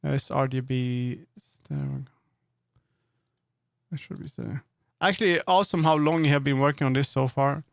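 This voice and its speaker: A man's voice: mid-range voice, normal speed, creaky, pauses often, dry recording, clean studio sound. A man chatting casually on a live stream, thinking aloud and correcting himself as he works. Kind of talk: casual live-stream chat while working.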